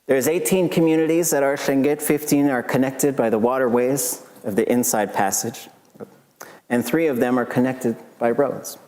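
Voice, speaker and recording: A man giving a casual lecture as a language professor, relaxed and chatty, with joking asides and lively jumps in pitch. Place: lecture hall. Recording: long reverb of a lecture hall.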